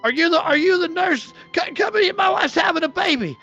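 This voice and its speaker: A man voicing a panicked farmer who shouts for help, in a dull lo-fi recording with faint music. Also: very high-pitched, a little slow, vocal fry, pitched above the performer's own voice, heavily acted. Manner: frantic, shouting. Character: panicked middle-aged male farmer.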